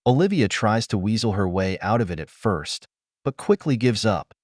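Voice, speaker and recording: A man narrating a first-person audio story in a steady, even storytelling delivery. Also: on the low side, normal speed, dry recording, studio quality.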